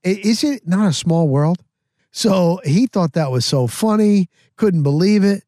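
Guy hosting a podcast, chatty and rambly, kinda high voice, dead dry room. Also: a little slow, dry recording. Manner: rambling, animated, repeats himself. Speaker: podcast host. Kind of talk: casual storytelling.

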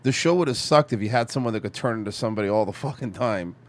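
A man's voice: lowish voice, fast, no echo. A man co-hosting a podcast, reading out donations and trading crude jokes in casual chat. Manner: crude, joking, reads out donations. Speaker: podcast co-host.

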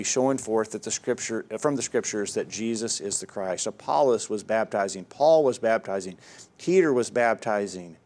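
A man preaching a sermon, reading scripture aloud with earnest emphasis. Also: medium pitch.

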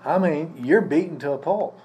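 A man's voice: fairly high pitch, normal speed, mellow. Male pastor teaching a live sermon. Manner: conversational teaching, poses questions to the congregation. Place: church service. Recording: faint background noise from a live service.

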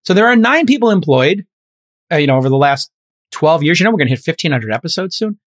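A man's voice: on the high side, very animated, fast, no echo. A middle-aged man hosting a podcast, chatting casually and thinking aloud with plenty of fillers. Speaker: podcast host.

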